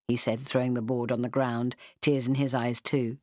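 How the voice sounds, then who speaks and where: A woman narrating a story with gentle, expressive storytelling. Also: very deep voice, moderate pace, few pauses, no echo, studio quality. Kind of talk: storybook reading.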